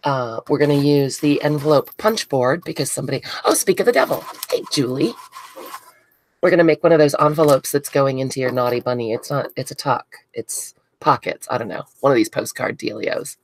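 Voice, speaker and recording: A woman's voice: a bass voice, fairly quick. A congested woman hosting a casual crafting livestream, chatting with viewers by name and gushing over what she unboxes. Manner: chatty, greets viewers by name, gushes excitedly. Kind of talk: casual live chat while crafting.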